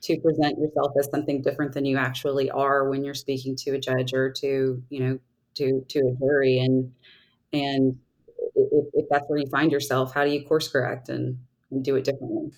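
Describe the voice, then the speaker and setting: A woman's voice: rumbling low, level tone, fairly quick, a little mellow, low-quality recording. A woman in her thirties from the Southern United States, a trial lawyer speaking thoughtfully and earnestly as a podcast guest, often restarting her sentences. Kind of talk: reflective conversational interview answers.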